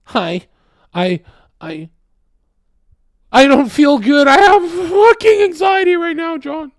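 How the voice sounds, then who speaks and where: A man's voice: expressive, takes it slowly, no room sound, studio quality, heavily acted. A man doing a squealing, anxious young guy. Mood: panicky. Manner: high strained squeal, breaking into a yell.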